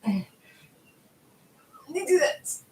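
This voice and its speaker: Speaking extremely slowly in a slightly mellow voice, a woman chats casually on her video channel, and the audio is poor. She hosts a tarot channel and is at home with her dog, showing yoga stretches while a little out of breath. She rambles chattily, laughs often, and leans heavily on "like."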